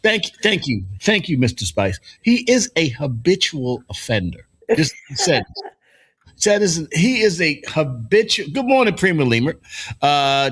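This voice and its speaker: On his morning talk show, this host jokes around casually, spinning loose stories full of profanity and frequent laughter. His voice is mid-range with a fairly bright tone.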